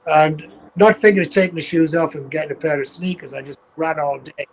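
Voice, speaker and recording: An older Geordie man, a veteran tour manager appearing as a guest, tells rambling, profane road stories in casual anecdotal style. His voice is a little high, his intonation fairly even, and his pace brisk. He's salty and swears freely, and the rough recording has slight background noise.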